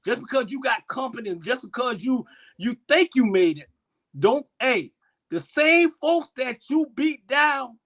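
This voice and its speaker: A man on a casual live-stream talk show, emotional and impassioned, his voice swinging between loud and soft. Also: high voice.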